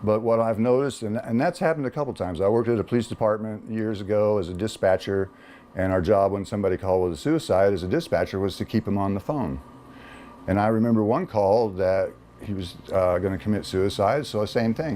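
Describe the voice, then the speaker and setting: A man speaks in a relaxed, plain-spoken way, often pausing on fillers. His voice is very low and mellow. Faint noise sits behind him. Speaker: speaker sharing a personal story. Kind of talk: casual personal talk.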